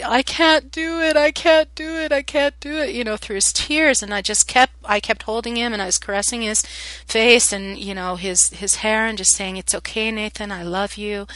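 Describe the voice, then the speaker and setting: Chatty, bright-voiced woman meditation host. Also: medium pitch, no echo, rough recording. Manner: chatty, full of "um" and "you know"; soft, earnest and loving. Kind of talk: casual spiritual talk to an online group.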